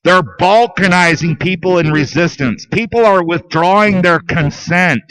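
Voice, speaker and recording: A man hosting a call-in talk radio show, ranting in a profane, heated way and shouting at times. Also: high-pitched, measured pace, few pauses, clean tone, no echo, poor audio.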